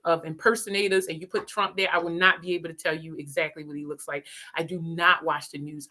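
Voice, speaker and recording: A woman host recounting a personal story in a relaxed, chatty way. Her voice is bright and pointed, set a touch low, and she breaks into laughter often. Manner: animated, laughs often while telling a story. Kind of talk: casual storytelling.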